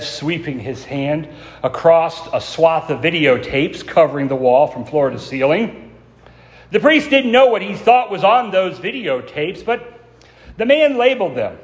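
A man preaching a sermon as pastor, telling a story in a measured way and slowing down to stress key words. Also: on the high side. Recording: long church reverb.

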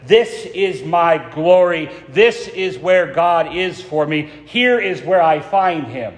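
A man voicing a gruff, grieving older street sweeper with a throaty voice, speaking slowly and reverently. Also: fairly high pitch, lively intonation, big-room sound. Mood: tearful reverent.

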